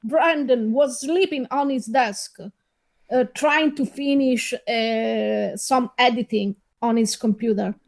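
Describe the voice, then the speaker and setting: A woman's voice: a little high, fairly even intonation, takes it slowly, gravelly. A woman reviewing a film in casual chat, hesitant and wry, with many fillers. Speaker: film reviewer, podcast co-host.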